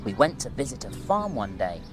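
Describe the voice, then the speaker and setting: A woman presenting a children's TV show, narrating in a gentle sing-song and praising the children by name. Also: extremely low pitch, sing-song, fairly quick, music in the background.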